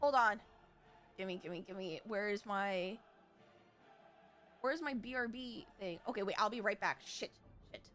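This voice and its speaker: A woman's voice: mid-range voice, unhurried, long pauses, fairly bright tone, soft background music. A woman hosting her live stream, chatty, giggly and a bit scattered as she welcomes guests. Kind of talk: casual live-stream chat.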